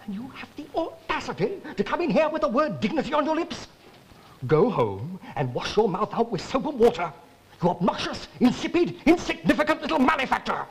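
Contemptuous, haughty official; high, lively voice with sneering, wordy insults. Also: male voice, a little fast, a little hiss or hum, full character voice, poor audio. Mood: scornful. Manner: haughty, scornful tirades of long words. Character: pompous, contemptuous official berating a lowly man. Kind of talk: 1960s television sitcom acting.

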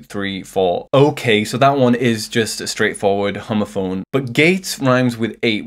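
A man narrating a scripted video essay on song lyrics, analytical and wry, with casual asides to the viewer. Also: medium pitch. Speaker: music commentator.

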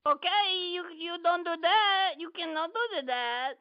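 A woman's voice: very high-pitched, animated, measured pace, slight background noise. A woman putting on a broken-English foreign persona to taunt someone on a prank phone call. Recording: dull phone-line audio.

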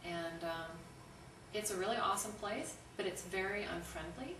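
A woman from the Midwest of the United States telling a story to her webcam in a chatty, animated way. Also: mid-range voice, normal speed. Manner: animated, chatty, acts out quoted voices. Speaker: artist and vlogger. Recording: echoey room, distant mic, faint background hiss.

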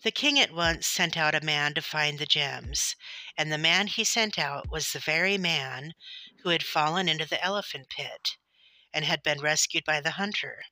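A woman narrating a children's story in a gentle, deliberate way. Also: sits low, dry recording. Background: soft background music.

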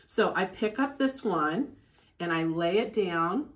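A woman's voice: fairly low pitch, animated, slow, slightly rough. Chatty woman teaching hand sewing. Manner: chatty, homespun, thinks aloud while working. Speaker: quilting teacher. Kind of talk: hands-on sewing demonstration. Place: sewing shop classroom.

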